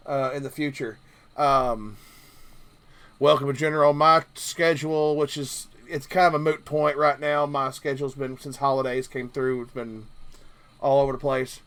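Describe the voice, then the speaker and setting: A man from Kentucky with a Southern drawl, hosting a casual live stream and rambling along jokingly with lots of fillers. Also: fairly high pitch. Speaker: livestream host.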